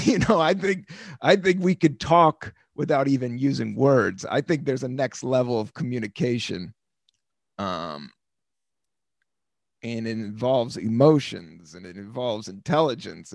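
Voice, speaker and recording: A man's voice: medium pitch, gravelly, no echo, clean studio sound. An American man in his fifties hosting a podcast, rambling through stories in a casual monologue, swearing freely and laughing often. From United States. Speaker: podcast host.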